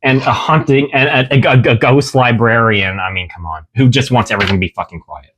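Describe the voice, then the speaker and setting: A woman co-hosting a podcast, chiming in casually with quick, profane quips. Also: very deep voice, a little hiss or hum. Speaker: podcast co-host. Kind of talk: casual chat.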